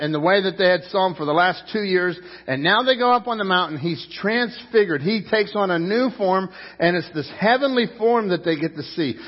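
A man's voice: high-pitched, in a large hall, muffled recording. A man preaching a sermon as pastor, in a loose, conversational way that repeats words and asks the crowd questions.

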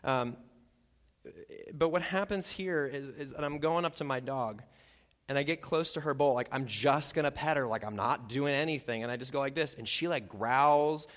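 A man preaching a conversational sermon as pastor, acting out quotes with lively voices. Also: mid-range voice, moderate pace. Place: church sanctuary. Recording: long hall reverb.

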